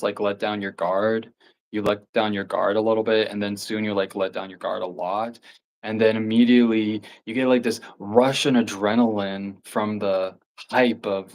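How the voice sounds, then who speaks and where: A man's voice: lowish voice, poor audio. Rambling young man on a livestream. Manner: rambling, laughs often, many fillers. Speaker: livestream host. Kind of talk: casual livestream chat.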